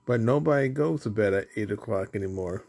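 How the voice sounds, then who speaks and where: A man's voice: lowish voice, brisk, vocal fry, darkish tone. A man voicing an argumentative boy bear cub in a storybook reading. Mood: arguing. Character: boy bear cub, arguing big brother.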